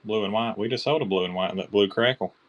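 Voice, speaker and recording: Kentucky man, low-pitched, excitable live auction seller who keeps naming his bidders. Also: fast, lo-fi sound. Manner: chatty, excited, calls out bidders by name. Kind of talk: live-stream auction selling.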